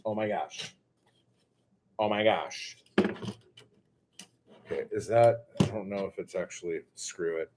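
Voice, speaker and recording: A man unboxing a new stapler in a casual vlog, excitable and gushing, often breaking into exclamations. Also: low-pitched, slow pace, pauses often, noisy background. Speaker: poet and chapbook maker.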